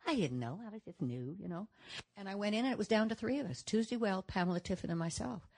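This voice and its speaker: An older woman from Nevada, a guest answering audience questions on a stage, telling stories in a chatty, animated way. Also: mid-range voice, fast talker. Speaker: panel guest actress. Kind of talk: audience Q&A chat.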